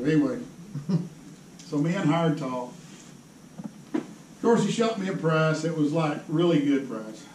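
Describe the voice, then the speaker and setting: Animated yet measured, his fairly high voice pauses often as he rambles through folksy stories for a seminar crowd, laughing a lot. The fishing pro speaks in an indoor tackle show hall, recorded on a distant mic amid echo and crowd noise.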